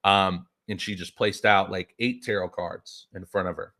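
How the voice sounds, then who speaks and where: A man's voice: sits low, fairly even intonation, normal speed, sharp tone. A man on a podcast casually telling a long story, swearing freely and rambling with lots of filler words. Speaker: podcast host.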